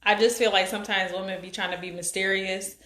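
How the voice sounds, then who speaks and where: A woman's voice: medium pitch, fairly even intonation, pushed and bright. A woman of about forty hosting a live stream, chatting casually and rambling with lots of fillers as she greets viewers. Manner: rambling, halting, many fillers. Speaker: live-stream show host. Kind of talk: casual chat reading viewer comments. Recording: echoey room.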